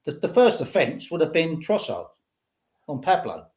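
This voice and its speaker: A man's voice: a little high, huge pitch swings, normal speed, a little mellow. An older man, a podcast host giving rambling, opinionated football talk. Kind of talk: casual football chat.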